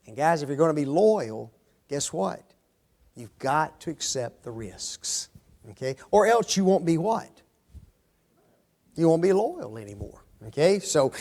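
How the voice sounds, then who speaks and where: A man's voice: a little high, darkish tone. A man preaching an interactive Bible class, asking the room questions, repeating their answers and tagging his points with "okay?". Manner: often tags lines with "okay?" and "don't they?". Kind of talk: interactive Bible study sermon.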